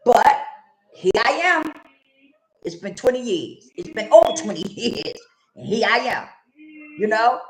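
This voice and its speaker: A woman's voice: a little high, big pitch swings, measured pace, pauses often. Blunt, emphatic woman in an echoey room. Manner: blunt and emphatic, repeats phrases, casual swearing. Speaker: vlogger sharing her recovery story. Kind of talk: candid personal testimony.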